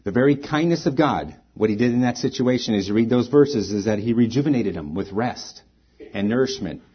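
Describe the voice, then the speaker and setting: A man preaches a sermon, his voice a little husky and worn at the edges. He reads scripture with building emphasis, then talks plainly to his listeners. The recording sounds dull and lo-fi. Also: medium pitch, lively intonation, fairly quick. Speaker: pastor.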